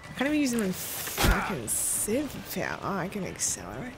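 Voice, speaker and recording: A woman's voice: mid-range voice, wildly swooping pitch, a little fast, very noisy. A woman streaming a video game, joking, swearing freely and laughing often. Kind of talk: live gameplay commentary.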